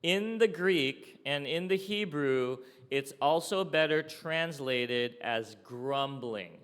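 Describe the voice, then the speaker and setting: A pastor preaches a sermon in a conversational style, often checking in with listeners by asking "okay?" and "right?". His voice is fairly high, slow, slightly bright, and smooth, with a long hall reverb on the recording.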